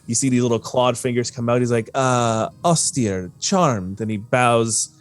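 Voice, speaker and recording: Halting game master with a middle-pitched voice, loose and chatty. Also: male voice, flat delivery, smooth, faint music behind. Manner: loose, halting narration with many fillers. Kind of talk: narrating a tabletop game.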